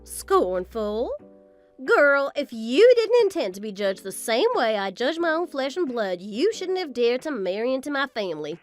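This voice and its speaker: A woman's voice: high voice, big pitch swings, moderate pace, faint music behind. A woman playing a haughty, scornful mother-in-law. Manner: condescending, boastful, theatrical. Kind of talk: scripted story narration drama.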